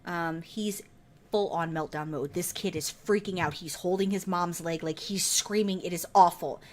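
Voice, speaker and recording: A woman's voice: lowish voice, steady tone, moderate pace, darkish tone. A woman in her thirties hosting a podcast, telling a casual, profane story with laughter. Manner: laughs while telling stories. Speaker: podcast host. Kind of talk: casual chat.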